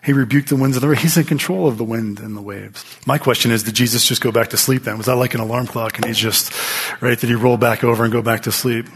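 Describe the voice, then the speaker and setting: A man preaching a sermon in a lively storytelling style, medium in pitch. He asks the listeners questions, circles back to restart his sentences and pushes the story forward with energy. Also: fast talker, noisy background. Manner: animated storytelling with frequent restarts and rhetorical questions. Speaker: pastor.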